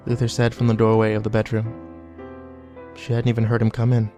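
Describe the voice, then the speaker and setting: A man narrating an audiobook in a measured, even storytelling manner. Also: on the low side, soft background music.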